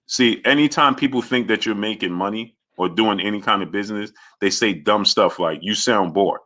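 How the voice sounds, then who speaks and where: A man's voice: on the low side, fairly quick, bright, forceful tone. A man hosting a boxing livestream, reading viewer comments and arguing back with indignation. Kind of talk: casual live-stream chat, reading super chats.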